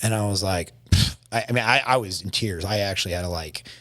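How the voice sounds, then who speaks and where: A man's voice: on the low side, fairly bright tone, no room sound, clean studio sound. Shaken man telling a hard story. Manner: halting, with many restarts. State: shaken, emotional. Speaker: podcast guest. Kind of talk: emotional storytelling in a podcast interview.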